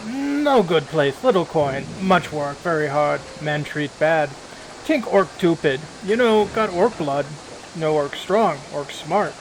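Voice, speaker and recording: Brief: a man playing a surly orc worker, gravelly, loud and blunt, broken speech. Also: on the high side, expressive, slow pace, a little hiss or hum, poor audio. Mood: grumbling. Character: downtrodden male orc factory laborer, blunt.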